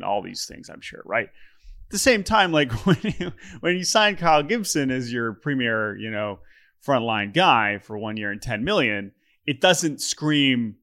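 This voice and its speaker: A man's voice: medium pitch, expressive, a little slow, pushed and bright. A man co-hosting a sports podcast in casual chat, wry and hesitant, with frequent restarts. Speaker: podcast co-host.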